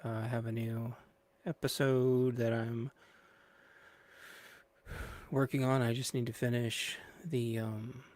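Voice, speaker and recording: A man's voice: medium pitch, little pitch movement, takes it slowly, pauses often, darkish tone. A man hosting a podcast livestream, chatting in a scattered, playful way and drifting off mid-sentence while waiting for his guest. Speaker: podcast host. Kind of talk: rambling livestream pre-show chat.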